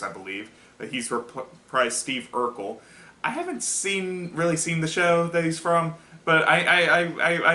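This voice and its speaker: A man's voice: mid-range voice, sharp tone. A young man casually reviewing a cartoon episode, rambling with restarts and frequent laughter. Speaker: show reviewer. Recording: echoey room.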